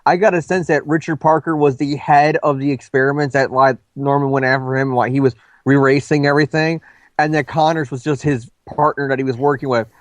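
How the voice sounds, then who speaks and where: A man's voice: mid-range voice, fairly even intonation, a little fast, no echo. A man co-hosting a casual film review chat, thinking aloud and talking at length with small restarts. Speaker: movie review co-host.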